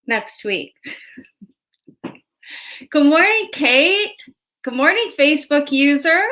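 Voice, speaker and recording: A high-voiced woman chats through a casual livestream as a tarot show host, greeting viewers one by one and laughing easily. She talks at an unhurried pace and sounds a little stuffy from a sinus cold. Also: fairly bright tone. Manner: chatty, greets viewers by name, laughs often.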